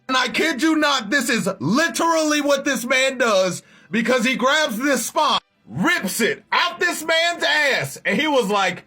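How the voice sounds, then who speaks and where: A man's voice: very high voice, animated, unhurried, hardly any pauses, bright, forceful tone, faint music behind. A man recapping a comic book in a casual, profane, slangy storytelling style.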